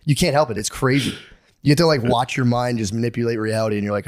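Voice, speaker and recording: A man in his thirties co-hosts a comedic podcast, rambling through stories, acting out what people said and swearing freely. He talks fast in a mid-range voice, with clean studio sound and no echo.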